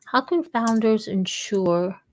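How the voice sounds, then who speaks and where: A woman's voice: mid-range voice, animated, slow pace. A woman hosting a casual livestream, rambling and jokey, often cutting herself off, with keyboard typing behind her. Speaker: vlogger and livestream host.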